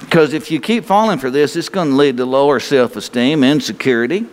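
A man's voice: mid-range voice, fairly quick, few pauses. A man preaching a sermon as pastor, folksy and exhorting, urging the congregation to speak along. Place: church sanctuary. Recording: long reverb of a church hall.

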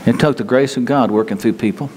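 A man preaching a sermon in a conversational, halting way, often restarting his sentences. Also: medium pitch, a little mellow, in a large hall, slight background noise.

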